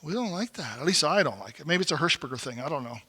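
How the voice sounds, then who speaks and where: High bright-voiced man telling a story. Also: expressive, fast talker, breathy edge. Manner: folksy, acts out quotes, rises to emphatic exhortation. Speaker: men's retreat speaker. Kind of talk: storytelling talk to a men's group. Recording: long hall reverb.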